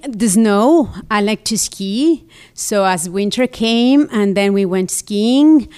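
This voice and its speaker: A woman's voice: mid-range voice, expressive, slow pace, darkish tone, clean tone. A woman from Mexico with a Mexican Spanish accent, a native Spanish speaker, reflecting on her life and often repeating words for emphasis. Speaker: immigrant interviewee. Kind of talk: personal testimony.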